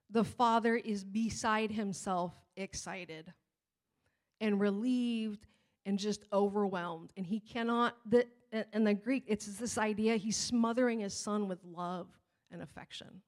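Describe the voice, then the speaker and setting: A woman pastor preaching in a conversational, animated way, retelling a family story and scripture with acted-out quotes. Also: mid-range voice, slow. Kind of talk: sermon with personal storytelling.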